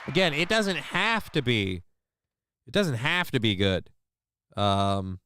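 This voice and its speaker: A man's voice: medium pitch, very animated, slow pace, pauses often, sharp tone, smooth, dry recording, clean studio sound. A man hosting a livestream, chatting casually with his viewers in a rambling, joking, profane way. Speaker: livestream host. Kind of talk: casual chat to a live chat.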